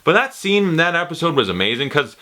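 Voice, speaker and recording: A man giving a casual, rambling spoken review of a TV series, excitable and full of swearing. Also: a little high, brisk.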